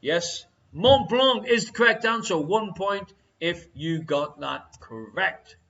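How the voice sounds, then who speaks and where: An Irish man runs a live-streamed quiz in a high, bright voice and ribs his viewers between answers. The stream audio is dull and lo-fi, with little clarity up top. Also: expressive, a little slow. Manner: jokey, teasing banter with viewers. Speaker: quiz show host.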